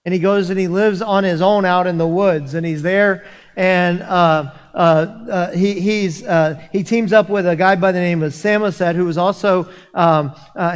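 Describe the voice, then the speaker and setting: Male pastor with a high voice. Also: clear, resonant tone. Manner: storytelling with frequent restarts and repeated words. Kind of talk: sermon. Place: church sanctuary. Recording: long hall reverb.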